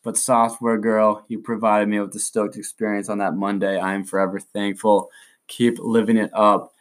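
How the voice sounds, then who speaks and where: A man's voice: lowish voice, level tone, moderate pace. A young man hosting a casual solo podcast, rambling in hyped surfer slang. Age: young adult. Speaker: podcast host.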